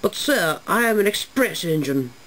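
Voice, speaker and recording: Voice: mid-range voice, lively intonation, normal speed, a bit bright, close to an everyday voice, poor audio. A young narrator voicing a pompous male express steam engine who looks down on others and squawks when upset. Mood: alarmed. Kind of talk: amateur storybook voice acting.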